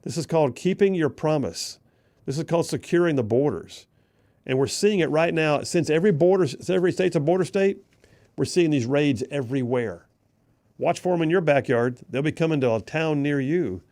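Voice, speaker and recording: A man's voice: on the high side, normal speed, darkish tone. Guy hosting talk radio, folksy, hammering his points, repeats stuff for effect. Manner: emphatic, folksy, repeats phrases for punch. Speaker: radio talk show host.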